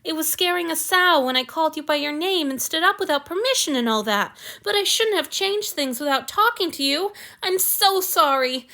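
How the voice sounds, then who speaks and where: A woman voicing a devoted young male human servant in a storybook reading, with a high, eager and apologetic voice. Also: sharp tone, full character voice.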